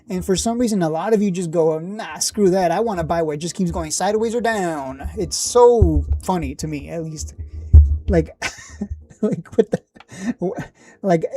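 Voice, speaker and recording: A man's voice: sits high, mellow. Blunt joking man on a stock livestream. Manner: blunt, joking, laughs often, trails off and restarts. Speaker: stock market livestream host. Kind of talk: casual livestream chat answering viewers.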